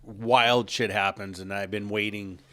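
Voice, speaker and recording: A man with a fairly low voice co-hosts a casual podcast, spinning a long, rambling story over a studio mic. He keeps drifting into asides and laughs at his own punchlines. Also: fairly even intonation, measured pace, fairly bright tone, no room sound. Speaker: podcast co-host.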